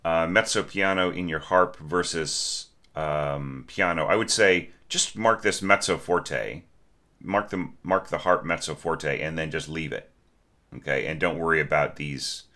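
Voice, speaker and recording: Low-voiced man, forceful bright tone, teacher talking through a student's score casually. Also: measured pace. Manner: conversational, many fillers and "right?" tags; sings phrases to show inflection. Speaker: orchestration teacher.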